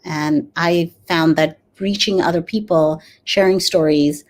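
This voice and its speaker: Low-voiced woman, earnest and reflective. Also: fairly even intonation, a little mellow. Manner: earnest, reflective, many pauses and fillers. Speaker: dentist and grief coach guest. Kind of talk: conversational interview.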